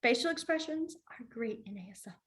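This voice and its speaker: A young adult woman teaching a beginners' sign language class, explaining hand movements in a chatty way with quick asides. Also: on the high side, expressive, a bit bright. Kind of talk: casual online class instruction.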